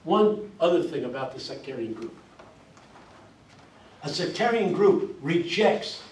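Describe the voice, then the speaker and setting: An older man lectures with fervor, his high voice bursting into bits of song and near shouts. He is heard from a distance in an echoey classroom, the sound bouncing off the walls. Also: animated, measured pace, long pauses, a little hiss or hum. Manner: passionate, sings song snippets and rises to near shouting. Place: university classroom.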